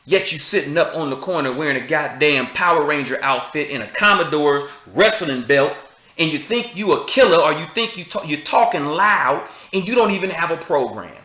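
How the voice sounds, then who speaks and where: A man's voice: on the high side, bright, forceful tone, echoey room. A man, speaking preachy and confrontational, firing rhetorical questions and street slang. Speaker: commentator. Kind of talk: impassioned address to camera.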